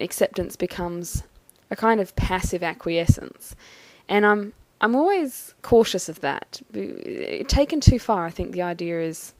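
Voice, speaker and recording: A woman talking through a personal experience in a thoughtful, halting, measured way. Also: lowish voice, no room sound. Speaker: vlogger. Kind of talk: personal reflective monologue.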